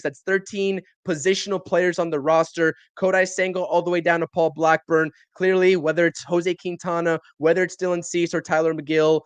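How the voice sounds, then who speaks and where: A man co-hosting a sports talk show, running quickly and emphatically through roster predictions, a little out of breath. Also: fairly high pitch, no room sound. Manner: emphatic, rapid rundown. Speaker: podcast co-host.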